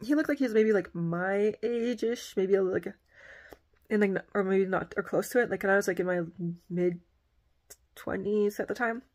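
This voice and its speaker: A woman's voice: medium pitch, moderate pace, a little mellow. A woman vlogger telling a personal story in a rambling, casual way, packing her sentences with "like". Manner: rambling, heavy use of filler "like".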